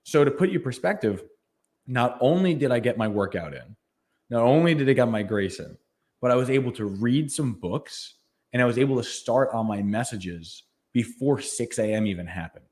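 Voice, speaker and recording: A man's voice: medium pitch, animated, normal speed, darkish tone. A man co-hosting a podcast, making his points with an emphatic, persuasive drive. His voice sits in an ordinary middle range, and he keeps the talk motivational and direct. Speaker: podcast co-host. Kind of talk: casual podcast chat.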